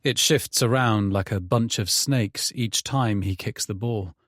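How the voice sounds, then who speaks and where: A man narrates a dark first-person thriller, weary and bitter in tone. His voice is on the low side and unhurried, very slow in pace. The recording is close and completely dry. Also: dry recording. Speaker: audiobook narrator.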